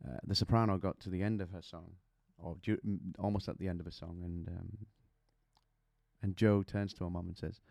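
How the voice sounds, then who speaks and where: A man's voice: low voice, fairly even intonation, moderate pace, vocal fry, dark tone, no room sound. A man teaching singing technique, chatty and explaining with demonstrations and little stories. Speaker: vocal coach. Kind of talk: singing lesson to camera.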